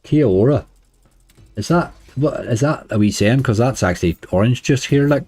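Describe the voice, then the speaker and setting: A hoarse man with a Northern Irish accent, chatting casually to viewers on a live stream. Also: medium pitch, animated, normal speed, dark tone, faint music behind. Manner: chatty, uses "wee" and "like" often. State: hoarse, dry throat. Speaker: slots streamer.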